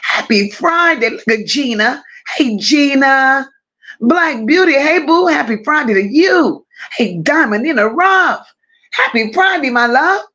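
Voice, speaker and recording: A woman hosting a casual livestream, greeting her chat one by one with drawling, affectionate shout-outs. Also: high voice, expressive, a little slow, highs cut off. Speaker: livestream host.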